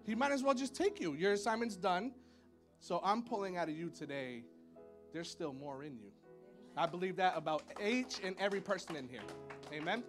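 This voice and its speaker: A man preaching a casual, playful sermon to a church congregation, chatty and full of "y'all" and "like", with a church sanctuary around him. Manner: chatty and playful, lots of "y'all" and "like", with high playful sound effects. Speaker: pastor.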